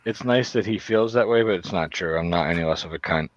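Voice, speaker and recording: Deep-voiced American man, dry. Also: fast talker, lo-fi sound, a little hiss or hum. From United States. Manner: explains in detail, dry, swears. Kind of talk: casual chat.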